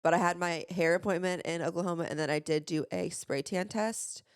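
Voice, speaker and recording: A young woman co-hosting a podcast, chatting casually about her upcoming wedding, with frequent vocal fry. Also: fairly low pitch, steady tone, fairly quick, no room sound, studio quality. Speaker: podcast co-host. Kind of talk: casual chat. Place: small room.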